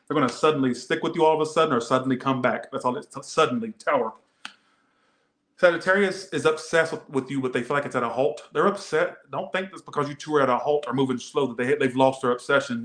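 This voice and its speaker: A man's voice: medium pitch, fairly bright tone. Rambling, cussing man in an echoey room. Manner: rambling, profane, repeats himself. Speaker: tarot reader. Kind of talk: casual tarot reading and chat.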